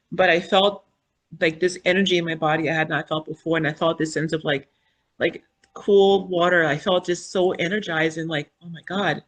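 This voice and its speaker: A woman in her fifties, a podcast guest, telling her personal story in an animated, earnest way and acting out the things she and others said. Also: lowish voice. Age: 50s. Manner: animated, acts out quoted dialogue and inner thoughts; spiritual, earnest. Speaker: podcast guest, foundation founder.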